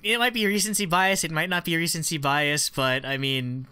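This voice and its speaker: A man co-hosting a podcast in casual chat, laughing often and talking with excitement. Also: fairly high pitch, moderate pace, noisy background. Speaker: podcast co-host.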